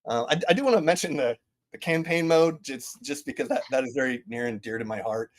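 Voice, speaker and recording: A man's voice: medium pitch, a little fast. A man in his thirties casually presenting game updates at a community town hall, rambling with lots of fillers and restarts.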